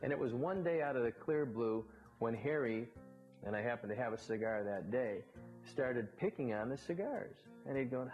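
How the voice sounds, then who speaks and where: A man, a former baseball broadcaster, telling anecdotes in a relaxed storytelling way. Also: medium pitch, moderate pace, soft background music, rough recording. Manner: relaxed raconteur, briefly mimics others in quotes.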